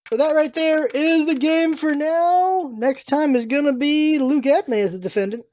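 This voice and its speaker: A woman hosting a let's-play of a visual novel, reacting excitably and laughing. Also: sits high, moderate pace, few pauses, faint music behind. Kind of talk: playing a visual novel on video.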